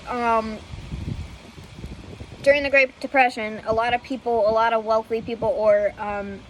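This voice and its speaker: A woman's voice: on the high side, a bit bright, a little hiss or hum, rough recording. A woman vlogger telling history in a casual, hesitant way, with many fillers and self-corrections, often laughing at herself. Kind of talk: casual unscripted storytelling.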